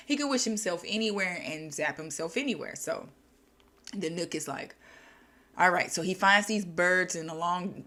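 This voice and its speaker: A woman's voice: fairly low pitch, a bit bright. A young woman casually retelling a short story in her own chatty words, with restarts and slang. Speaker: storyteller and channel host.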